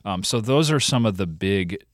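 A man with a lowish voice explains carefully as a radio guest, pausing on fillers now and then. The sound is close and dry, like a studio mic. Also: expressive, dry recording. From Vermont. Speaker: radio reporter and podcast host.

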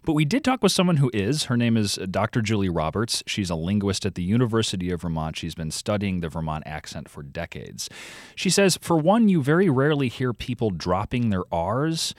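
A man's voice: lowish voice, sing-song, brisk, no room sound, studio quality. A man from the Chicago area, a podcast co-host, chatting on a radio interview with fillers and restarts.

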